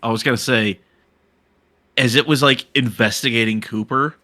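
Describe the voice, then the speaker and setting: A man co-hosting a casual podcast, animated and swearing casually as he talks. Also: mid-range voice, moderate pace. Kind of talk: casual chat.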